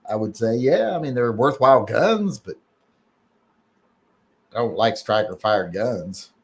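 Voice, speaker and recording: Rambling man hosting a live chat. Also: medium pitch. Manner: rambling, joking, many fillers and restarts. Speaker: host reading emails and live chat. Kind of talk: casual live-stream chat.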